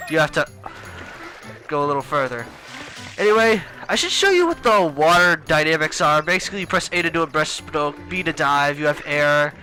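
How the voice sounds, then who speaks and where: Young male let's-play host, excitable and rambling, animated and sharp in tone. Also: on the high side, rough recording. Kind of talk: casual gameplay commentary.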